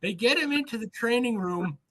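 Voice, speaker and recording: High-voiced man telling an animated story. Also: fairly quick, low-quality recording. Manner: animated anecdote teller, acts out quoted lines. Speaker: author guest. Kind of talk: storytelling in a podcast interview.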